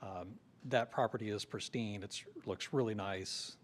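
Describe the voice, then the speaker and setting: A man's voice: lowish voice, a little slow, slight background noise. A man who works as an urban planner, giving public comment at a town meeting in a practical, reasoned way with a touch of humor. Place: town hall meeting room.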